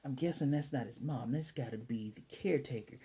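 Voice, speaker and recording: A man's voice: mid-range voice, fairly quick, warm tone, husky. A man voicing a snide young street punk who mocks rich folk, in a sneering tone.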